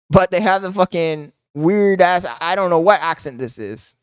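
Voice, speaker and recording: A man's voice: high voice, animated, moderate pace, hardly any pauses, clean tone, no echo, clean studio sound. A man streaming live, mocking clips in crude, swearing commentary.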